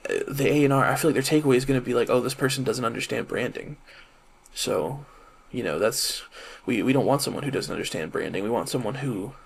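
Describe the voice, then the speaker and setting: A man in his twenties from the American South, rambling to camera in a casual monologue, full of fillers and restarts, high while he talks. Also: creaky, husky. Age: 20s. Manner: rambling and self-correcting, many fillers and restarts. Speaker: vlogger and rapper.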